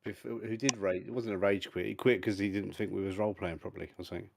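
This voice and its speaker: A man's voice: fairly low pitch, steady tone, quick pace, gravelly, a little mellow, no echo. A man playing in a tabletop game, chatting casually and trailing off as he thinks aloud. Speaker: player.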